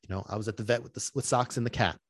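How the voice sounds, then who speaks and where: A man's voice: lowish voice, fairly even intonation, racing, dry recording, studio quality. A middle-aged man, a dog trainer hosting his podcast in casual talk, emphatic and repetitive, often asking whether listeners follow him.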